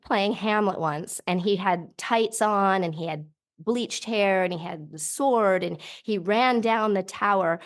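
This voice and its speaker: A woman's voice: medium pitch, a little slow. A middle-aged woman, a podcast host, chatting casually and acting out voices as she tells a story. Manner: animated storyteller, acts out voices with laughs. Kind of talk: casual chat.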